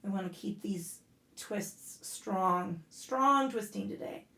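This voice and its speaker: A woman yoga instructor guiding a class out loud, casual and profane, breaking off into blunt joking rants. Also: medium pitch, slow, gravelly. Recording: echoey room.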